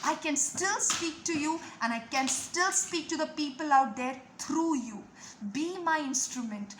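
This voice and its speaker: High-voiced woman preaching fervently. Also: expressive, a little slow, fairly bright tone, roomy sound, slight background noise. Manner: fervent, repetitive exhortation. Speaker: preacher and online video host. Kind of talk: devotional sermon and prayer.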